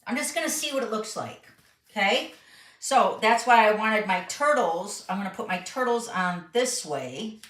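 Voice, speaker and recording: A woman's voice: medium pitch, expressive, normal speed, a bit bright, distant mic. Chatty woman teaching card-making, roomy and off-mic. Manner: chatty, reads viewer questions aloud. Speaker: card-making instructor hosting a live stream. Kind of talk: live crafting tutorial, step by step. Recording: roomy sound, voice a bit off-mic.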